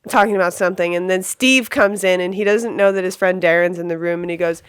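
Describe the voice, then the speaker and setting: Young woman, chatty podcast panelist, rambling plot retelling, smooth clear voice, close and dry. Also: mid-range voice, steady tone, fast, hardly any pauses, no echo. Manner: rambling storyteller, many "like"s and quoted lines. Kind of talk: casual chat, retelling a film plot.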